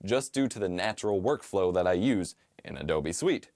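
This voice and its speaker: A man's voice: low-pitched, expressive, moderate pace, a little mellow, no echo, clean studio sound. A man narrating a scripted tech review, reading it from a teleprompter in a conversational tone.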